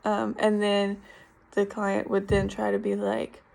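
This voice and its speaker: A woman's voice: medium pitch, completely flat delivery, a little slow, creaky, darkish tone. A young woman explaining a therapy method in a recorded class presentation, informal and full of ums. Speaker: speech therapy student.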